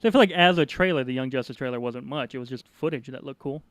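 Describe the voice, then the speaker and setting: A man's voice: medium pitch, fast, a bit bright, no room sound. A young man co-hosting a casual podcast chat, wry and teasing. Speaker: podcast co-host.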